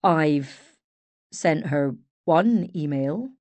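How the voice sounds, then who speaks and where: A woman's voice: sits low, animated, drawn-out words, darkish tone, dry recording, exaggerated voice. A woman voicing a shy, easygoing young Scottish man, hesitant and mild. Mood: awkward.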